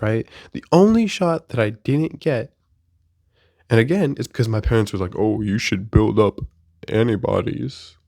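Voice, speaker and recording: A man's voice: medium pitch, darkish tone, dry recording, studio quality. A man in his early twenties, sick with the flu, venting in an exasperated, profane casual rant. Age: 20s. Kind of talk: casual ranting monologue.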